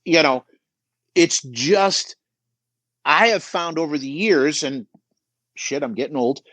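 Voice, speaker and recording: A man's voice: a little high, takes it slowly, fairly bright tone, dry recording. A middle-aged man giving emphatic coaching advice on a podcast, often checking in with "right?". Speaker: business coach guest.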